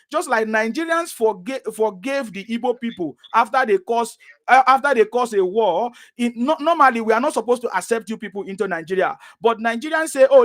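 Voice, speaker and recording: A man's voice: very high-pitched, a bit bright. A man hosting a heated live discussion who lectures insistently and repeats himself. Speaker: host.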